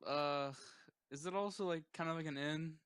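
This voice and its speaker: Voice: mid-range voice, normal speed, fairly bright tone, clean tone, no room sound. Playful player, dry close sound. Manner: playful, asks side questions. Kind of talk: tabletop game chat.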